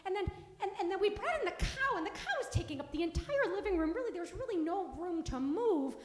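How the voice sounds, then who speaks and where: A woman with a high voice tells a children's story at a service, switching into playful character voices. Her voice carries through a large reverberant hall. She keeps it warm and animated for young listeners. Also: fairly quick. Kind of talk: children's story told aloud. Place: synagogue sanctuary. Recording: echoey hall.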